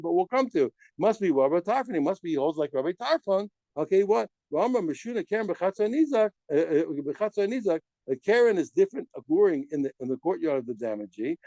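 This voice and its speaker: Male Talmud teacher, slightly high, mellow voice, animated class delivery, dry recording. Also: no room sound, rough recording. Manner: animated, asks rhetorical "what?" questions; mixes Aramaic terms into English explanation. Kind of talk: daf yomi Talmud class.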